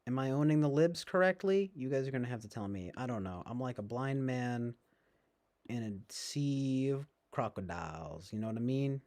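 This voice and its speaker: A man's voice: mid-range voice, moderate pace, a little mellow. A man rambling to his viewers in casual chat, sarcastic, swearing and laughing often. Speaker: streamer.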